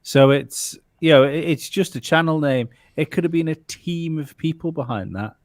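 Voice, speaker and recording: A man on a live discussion panel, talking in a measured, skeptical way. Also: fairly high pitch, dry recording, clean studio sound.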